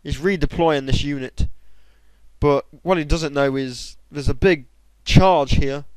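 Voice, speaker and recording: Young man doing casual gameplay commentary, excitable, smooth tone, dry close sound. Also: a little slow, dry recording, rough recording. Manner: excitable, bursts into high shouts. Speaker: gamer.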